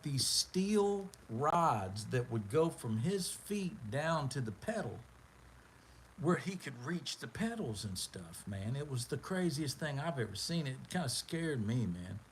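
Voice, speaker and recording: A man telling a rambling, animated story on a livestream. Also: fairly high pitch, measured pace, a little hiss or hum. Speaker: livestream host. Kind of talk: casual storytelling.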